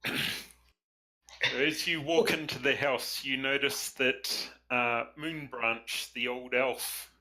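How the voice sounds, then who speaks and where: A man running a tabletop game as its game master, easygoing, with a laugh never far away. His voice is very bright and forward, and he narrates at a slow, unhurried pace, pausing on fillers. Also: mid-range voice, fairly even intonation. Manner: easygoing, laughs often, some filler words.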